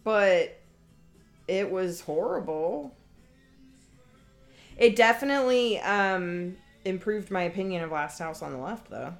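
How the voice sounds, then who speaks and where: A woman's voice: mid-range voice, expressive, takes it slowly, gravelly, long pauses, faint music behind. A woman giving casual, blunt and sarcastic commentary while watching a movie. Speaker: podcast guest.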